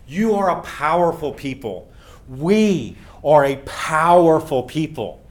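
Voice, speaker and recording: A man delivering a welcome speech, earnest and emphatic, with a slightly higher voice than most men. He slows down to land his key lines. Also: lively intonation. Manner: earnest, emphatic, slowing for effect. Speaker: welcome speaker. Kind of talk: public storytelling speech.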